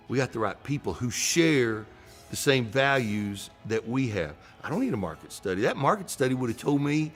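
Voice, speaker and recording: A middle-aged man, a banker telling a story in an animated way. He acts out the dialogue and often restarts his words. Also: medium pitch. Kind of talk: storytelling talk.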